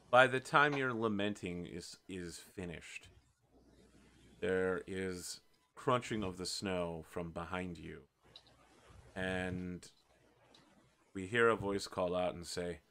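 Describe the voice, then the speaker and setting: A man's voice: low-pitched, takes it slowly, long pauses, sharp tone, clean tone. A man hosting and narrating a tabletop role-playing game as game master, in a chatty, self-deprecating way.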